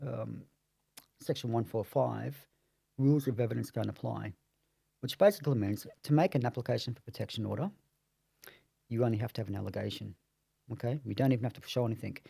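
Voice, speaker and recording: A man working as a family lawyer, explaining court procedure in a measured, lawyerly way on a podcast. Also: mid-range voice, creaky, dark tone, husky, dry recording.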